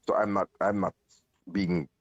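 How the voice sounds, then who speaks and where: Blunt low-voiced man, muffled. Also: little pitch movement, a little slow, no echo. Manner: blunt, critical, stammering restarts. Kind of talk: casual football chat.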